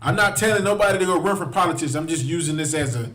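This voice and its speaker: A man's voice: a little high, lively intonation, quick pace, a bit bright, reverberant. A man preaching with heated passion, repeating his phrases and speaking straight to his listeners. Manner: impassioned, repeats phrases, addresses listeners directly. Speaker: street preacher.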